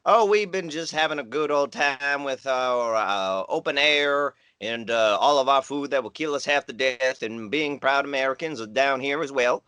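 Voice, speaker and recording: A man's voice: medium pitch, moderate pace, hardly any pauses, sharp tone, clean tone, dry recording, lightly acted. A man playing a rambling, gun-loving Southern job candidate in a comedy sketch, speaking with a Southern US accent and odd formal wording over a video call.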